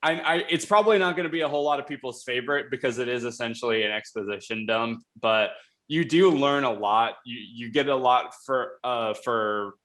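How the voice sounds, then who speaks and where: Man, show host, casual review chat, rambling, lots of fillers, mid pitch. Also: a bit bright. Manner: quick, rambling, heavy on fillers and restarts.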